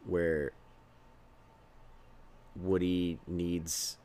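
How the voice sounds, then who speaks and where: A podcast host with a deep voice and dark tone chats casually about a movie, speaking very slowly with flat delivery. He rambles, chuckles, and trails off mid-sentence.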